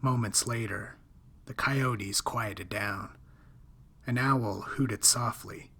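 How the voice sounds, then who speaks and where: A man reading a horror story aloud in a slow, hushed, drawn-out way. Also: fairly low pitch, gravelly, breathy edge. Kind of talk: scripted horror narration.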